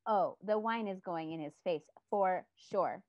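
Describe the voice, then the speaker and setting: A woman's voice: lowish voice, unhurried, no echo. A woman making chatty, amused asides about the story she is reading. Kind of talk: casual asides. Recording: muffled dry recording.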